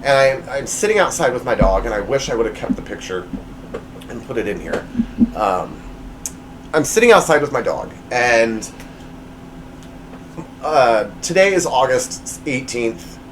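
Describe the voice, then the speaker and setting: There's background noise as a man tells a personal story on his own podcast, recorded at home. His medium-pitched voice is animated and measured, with long pauses, and his telling is rambling and self-deprecating, full of fillers and restarts.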